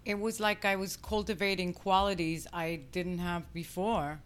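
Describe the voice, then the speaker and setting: A woman's voice: on the low side, little pitch movement, moderate pace, slight background noise. A woman co-hosting a casual chat, speaking directly to the listeners. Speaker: podcast co-host.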